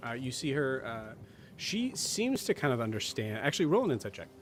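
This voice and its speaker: A man's voice: mid-range voice, big pitch swings, fairly quick, a little hiss or hum. Hesitant man running a tabletop game. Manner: hesitant, full of fillers. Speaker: game master.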